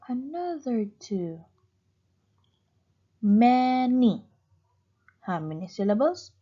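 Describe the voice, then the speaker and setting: Slow, patient woman teaching young children. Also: sits high, dark tone, slightly rough. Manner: slow, patient, questions and praises pupils. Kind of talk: online class lesson for young children. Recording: slightly dull, lo-fi recording.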